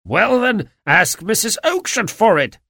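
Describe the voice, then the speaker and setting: A man voicing a surly, hot-tempered market salesman who talks loudly and blusters. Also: high voice, big pitch swings, measured pace, dry recording, clean studio sound, voice pushed up, heavily acted. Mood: furious. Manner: loud, blustering.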